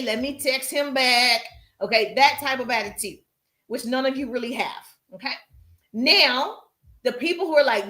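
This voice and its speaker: Emphatic bright-voiced woman coaching a live stream. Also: sits high, roomy sound. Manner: emphatic, repetitive, calls viewers "baby" and "pretty people", acts out viewers' voices. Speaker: social media coach hosting a live stream. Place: livestream while working out.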